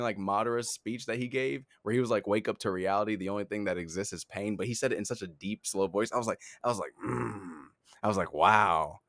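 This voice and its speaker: A young man co-hosting a podcast, talking in an animated, rambling way with lots of fillers and laughs. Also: mid-range voice, dry recording, clean studio sound. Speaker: podcast co-host, head of talent. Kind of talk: casual chat.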